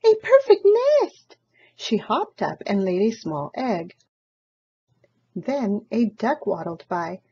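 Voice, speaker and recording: A woman reading a children's picture book aloud in an expressive storytelling manner. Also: medium pitch, takes it slowly, breathy edge, highs cut off. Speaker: storybook reader.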